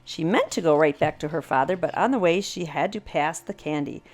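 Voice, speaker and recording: A woman's voice: low voice, a little fast. Older woman reading a children's story. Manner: animated, expressive read-aloud. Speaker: storybook narrator. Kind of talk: children's story read-aloud.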